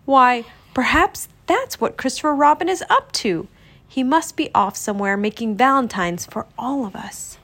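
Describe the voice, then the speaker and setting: A woman voicing a gentle, simple-minded male teddy bear in a storybook reading, with a mild, wondering manner. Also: high voice, expressive, normal speed, exaggerated voice.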